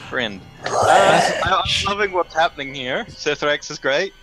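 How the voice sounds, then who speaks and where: A man playing a tabletop game, talking in a high, excitable voice and poking fun at himself. Music plays clearly behind him. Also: unhurried, low-quality recording. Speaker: player. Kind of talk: casual chat.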